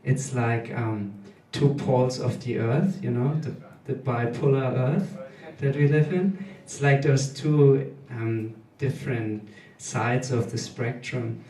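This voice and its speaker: German comic, 30s, German accent, deadpan and halting, drawn-out delivery in an echoey room. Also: male voice, medium pitch, far from the mic, slight background noise. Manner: hesitant, deadpan, halting with many ums. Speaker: stand-up comedian. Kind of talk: stand-up comedy set. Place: small live comedy venue.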